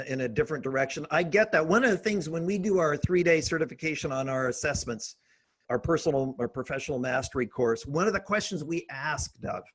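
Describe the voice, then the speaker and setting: A middle-aged man as a guest author in a podcast interview, explaining his ideas steadily and posing rhetorical questions. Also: on the high side. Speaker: guest author and leadership coach. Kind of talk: conversational interview.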